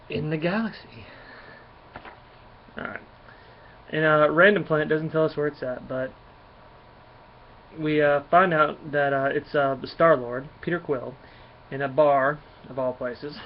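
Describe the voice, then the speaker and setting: A man giving a casual comic book review, rambling as he retells the plot and reads out the dialogue. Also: a little high. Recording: dull lo-fi sound with faint hiss.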